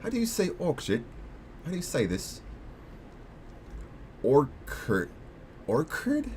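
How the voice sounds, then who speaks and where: A man's voice: high voice, huge pitch swings, a little fast, darkish tone, a little hiss or hum. A young man hosting a casual crypto livestream, rambling with lots of restarts and slangy asides.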